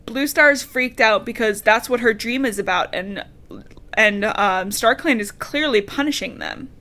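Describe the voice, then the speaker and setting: A woman co-hosting a podcast, recapping a book in casual, animated chat, laughing and swearing casually. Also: on the high side, a little slow. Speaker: podcast co-host.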